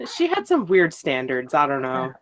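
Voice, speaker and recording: A woman speaking in a relaxed, blunt way, swearing casually. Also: a bass voice, moderate pace. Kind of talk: casual chat.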